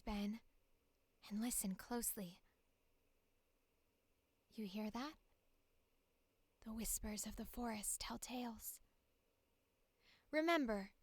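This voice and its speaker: A woman voicing a soft-spoken, tenacious young woman botanist in an anime-style audition read. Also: on the high side, no echo. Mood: hushed. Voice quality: soft, gentle.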